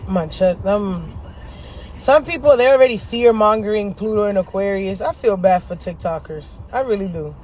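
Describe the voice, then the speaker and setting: High-voiced man, slangy and animated. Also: normal speed, slight background noise. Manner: animated, profane, slangy storytelling; laughs often between lines. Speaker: astrology vlogger. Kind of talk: casual chat to camera. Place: inside a parked car.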